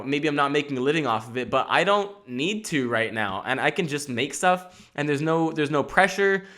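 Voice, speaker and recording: A young adult man hosting a podcast, riffing in a casual comedic monologue, rambling and swearing freely. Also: on the high side. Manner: animated, rambling, swears freely, self-mocking. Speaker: podcast host.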